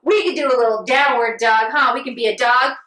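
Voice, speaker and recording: A woman leading a playful children's yoga lesson, animated and sing-song as she talks to a child. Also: on the high side, brisk, reverberant, far from the mic, rough recording. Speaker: kids' yoga teacher. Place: outdoors on a farm.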